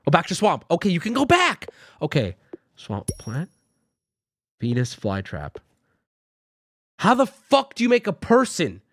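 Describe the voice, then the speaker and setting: A man's voice: a little high, wildly swooping pitch, measured pace, pauses often, dry recording, studio quality. A man streaming a game, talking through each move aloud, swearing and breaking into sudden yelps. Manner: swears often, talks through moves out loud, with sudden yelps. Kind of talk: live-streamed game commentary.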